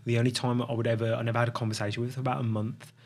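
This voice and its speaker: A middle-aged man telling a personal story as a podcast guest, reflective and halting, often restarting his sentences. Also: mid-range voice, level tone, darkish tone.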